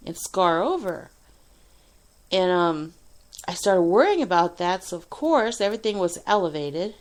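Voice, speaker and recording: A woman telling a personal hospital story in a casual, animated way, swearing often and laughing between lines. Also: medium pitch. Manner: animated, profane, frequent laughs and fillers. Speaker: radio show host telling a personal story.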